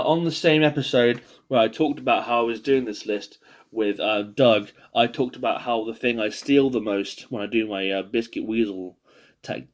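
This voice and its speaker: A man talking casually to camera, rambling and swearing with self-deprecating jokes, a little tired. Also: lowish voice. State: yawning, tired. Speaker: podcast host ranking biscuits. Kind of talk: casual solo video monologue.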